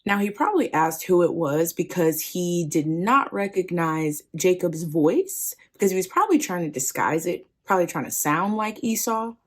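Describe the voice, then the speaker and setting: A woman's voice: lowish voice, expressive, moderate pace, hardly any pauses. A woman hosting a podcast, casually retelling a Bible story with slangy, joking asides. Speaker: podcast host.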